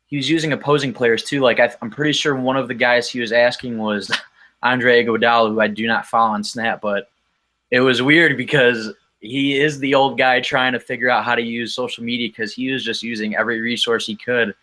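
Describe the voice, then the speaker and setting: Bright-voiced man telling a rambling story. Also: mid-range voice, fairly even intonation, brisk. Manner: rambling, with frequent ums and restarts. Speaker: guest. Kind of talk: casual conversational storytelling.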